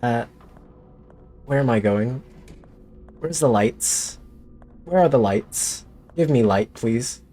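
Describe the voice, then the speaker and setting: A man's voice: mid-range voice, animated, takes it slowly, long pauses, dark tone, soft background music. A man streaming a horror game, talking to himself in jumpy, joking commentary. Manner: jumpy, talks to himself, jokey. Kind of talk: let's play commentary.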